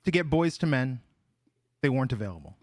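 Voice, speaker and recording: Playful man with a lively, swooping voice. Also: mid-range voice, brisk, no echo, clean studio sound. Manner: playful, theatrical announcer-style delivery. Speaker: podcast co-host. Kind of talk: casual podcast chat.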